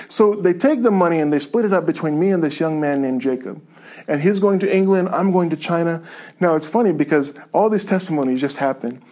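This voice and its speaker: A man telling a faith story to a church, lively and chuckling as he goes. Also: a little high, fairly quick. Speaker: guest speaker sharing a testimony.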